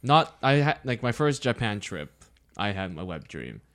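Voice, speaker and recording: A man's voice: fairly low pitch, big pitch swings, a bit bright. Rambling man telling a story. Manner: rambling storyteller, halting restarts. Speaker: podcast co-host. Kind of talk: casual chat.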